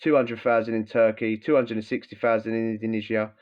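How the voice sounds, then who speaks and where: A man's voice: lowish voice, a little fast. Ranting, swearing man. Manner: animated, swearing, blunt and mocking. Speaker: podcast host, former prisoner. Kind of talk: casual ranting monologue. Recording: dull lo-fi sound.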